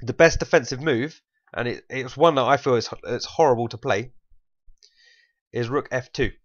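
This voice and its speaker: A man's voice: medium pitch, normal speed, dull audio. A man from England talking casually through a chess game he played, rambling, correcting himself and laughing at his own mistakes.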